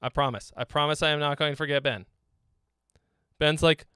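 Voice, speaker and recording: Bright-voiced joking male stream host. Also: medium pitch, brisk, vocal fry, clean tone, no echo, studio quality. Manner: joking, profane, teasing. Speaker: host, songwriting critic. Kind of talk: live stream song critique.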